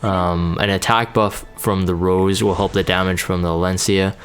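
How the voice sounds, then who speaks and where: A man's voice: sits low, little pitch movement, moderate pace, soft background music. A man giving casual, rambling commentary over a replay of his own game, sleepy from just waking up, with many fillers and restarts.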